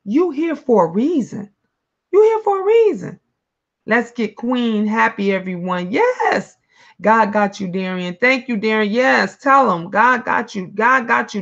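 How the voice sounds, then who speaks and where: A woman's voice: fairly high pitch, creaky, fairly bright tone, muffled recording. A woman who is a mother, hosting a live online talk stream, answering viewers with blunt, profane, preachy encouragement. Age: adult, a mother.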